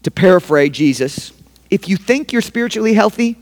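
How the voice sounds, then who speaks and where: A male pastor delivering a sermon in a high-pitched voice for a man. He is emphatic and swings between hushed passages and loud declarations. His voice rings out with a long church reverb. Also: expressive, brisk.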